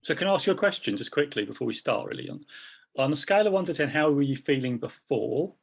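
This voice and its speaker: A man's voice: fairly high pitch, animated, quick pace, creaky, husky. A man co-hosting a podcast, chatting casually and cheering the others on with enthusiasm. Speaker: podcast co-host.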